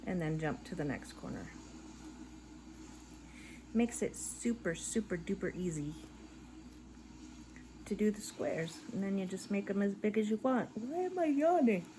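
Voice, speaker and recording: A middle-aged woman chats while she crochets in her living room at home. She rambles, sounds tired and lets out soft laughs, in a voice of middling pitch. Faint background audio plays under her. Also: unhurried, pauses often, noisy background. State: tired and yawning. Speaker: crochet vlogger. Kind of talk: casual chat while crocheting. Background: faint background audio playing.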